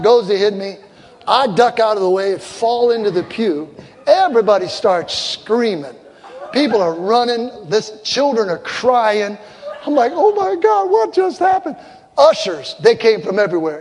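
An older man preaching a sermon as a pastor, telling stories with loud punchlines and soft asides. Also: high voice, a little hiss or hum. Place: church sanctuary. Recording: long hall reverb, faint crowd ambience.

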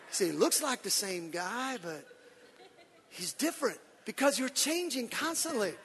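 A man preaching a sermon as pastor, animated and lively, acting out quotes with shouts and laughter. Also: extremely high pitch, big-room sound.

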